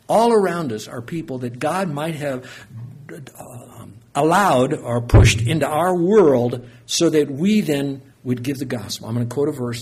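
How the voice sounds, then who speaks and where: A middle-aged man preaching a sermon, telling stories in a folksy, animated way that swings from loud to soft. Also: medium pitch, breathy edge. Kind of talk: sermon with storytelling.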